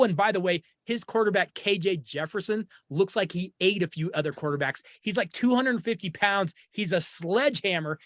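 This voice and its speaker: Man, sports talk host, fairly high voice, opinionated, jokey, dry sound. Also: a bit bright, dry recording. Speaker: podcast host.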